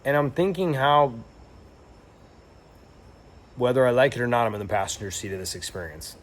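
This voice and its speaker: A man's voice: mid-range voice, lively intonation, normal speed. A young man telling a travel story in a casual, rambling and reflective way, with lots of fillers and restarts. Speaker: travel vlogger.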